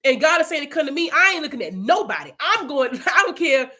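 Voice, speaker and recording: A woman's voice: sits high, sing-song, fast, bright, forceful tone. A young woman leading an informal Bible study, chatty and casual, telling personal testimony.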